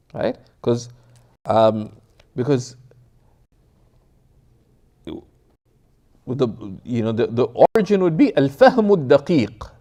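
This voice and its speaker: A middle-aged man teaching a class, reading Arabic text quickly and explaining it in English, often checking with "right?", with classical Arabic pronunciation of the terms. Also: on the high side, dark tone. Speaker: teacher of Islamic theology.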